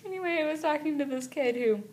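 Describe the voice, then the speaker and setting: A woman vlogger telling a story casually to camera, chatty and animated, often saying "like" and "right?". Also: high-pitched, fast, a little hiss or hum. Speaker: travel vlogger.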